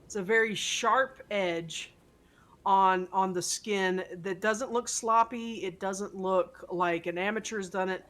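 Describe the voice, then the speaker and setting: A woman narrating as game master of a tabletop horror game, halting and rambling with many fillers and restarts. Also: medium pitch, steady tone, fairly bright tone.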